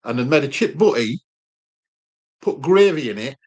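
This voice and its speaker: A man's voice: medium pitch, lively intonation, moderate pace, a little mellow, breathy edge. A man co-hosting a casual home live chat about food, chatting and reading out viewer comments. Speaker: cooking channel co-host.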